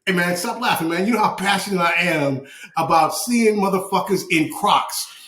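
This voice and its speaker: High-voiced man ranting in an echoey room. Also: normal speed, a bit bright. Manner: passionate, profane, repeats phrases. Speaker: podcast co-host. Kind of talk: comedic rant.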